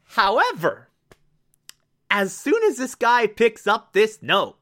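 A man eagerly recaps an anime plot in a loose, rambling way, full of fillers and restarts. His voice is bright and sharp, a bit high for a man. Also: huge pitch swings, takes it slowly.

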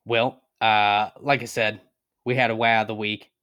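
A man's voice: lowish voice, little pitch movement, moderate pace, bright, forceful tone, clean tone, no room sound, dull audio. A man co-hosting a podcast, rambling playfully and swearing about his football picks. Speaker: podcast co-host. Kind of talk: casual sports betting chat.

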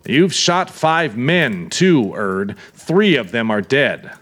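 A man's voice: medium pitch, very animated, slow, fairly bright tone, exaggerated voice. A man voicing a firm, blunt young small-town police officer, in an audiobook reading. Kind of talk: audiobook character voice.

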